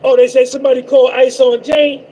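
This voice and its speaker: A man's voice: very high voice, level tone, fast, a little hiss or hum, low-quality recording. A man from North Jersey with a New Jersey accent, boasting and repeating himself in a casual live-stream monologue. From North Jersey, USA. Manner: boastful, repetitive, giving shout-outs. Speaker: trucker livestream host.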